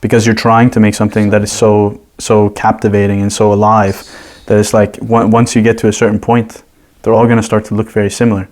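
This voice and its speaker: A man guesting on a podcast lays out his ideas casually and at length, using examples, in a conversational interview. His voice is on the low side and a little mellow, with flat delivery, a slightly fast pace and few pauses.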